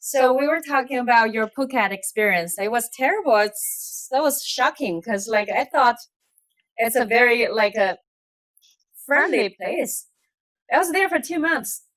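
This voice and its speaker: Woman host, casual interviewer, hesitant and giggly, fairly high voice, dry close sound. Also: expressive, a little slow, fairly bright tone, no room sound. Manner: laughs often, hesitant phrasing with many fillers. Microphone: video call.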